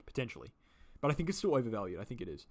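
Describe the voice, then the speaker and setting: Very animated and talking very fast at a medium pitch, the Australian host of a crypto channel goes through viewer questions on his live stream. His answers meander, stuffed with fillers and recurring phrases.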